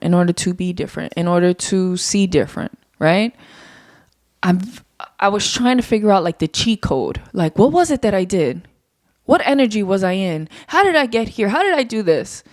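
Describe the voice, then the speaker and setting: A woman's voice: lowish voice, no room sound, studio quality. A young woman hosting her own podcast, talking candidly and off the cuff in a rambling way, swearing casually. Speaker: podcast host. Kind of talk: casual solo podcast monologue.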